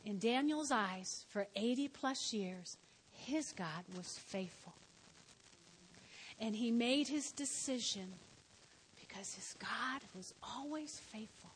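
A woman preaching a sermon, telling the story with lively, animated delivery. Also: a little high, slow, long reverb tail, slight background noise, poor audio. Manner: animated storytelling, shouts in acted quotes.

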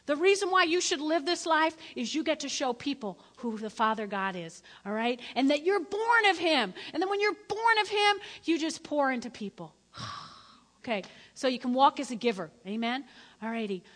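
A middle-aged woman preaches with bright, forceful energy, joking and acting out little scenes as she goes. Her somewhat high voice rings out through a large hall with long, trailing reverb. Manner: animated, jokey, acts out voices. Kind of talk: lively sermon.

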